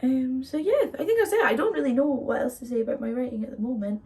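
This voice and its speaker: A woman's voice: high voice, fast, darkish tone. A young woman chats openly while doing her makeup, rambling with plenty of fillers in a casual get-ready-with-me talk. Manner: chatty and open, rambling with fillers. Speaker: vlogger. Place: indoors at home, doing makeup.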